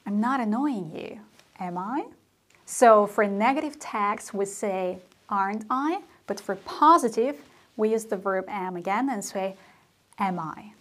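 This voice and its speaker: A woman teaching a grammar lesson, explaining slowly and deliberately with spoken example sentences. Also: mid-range voice. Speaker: language teacher.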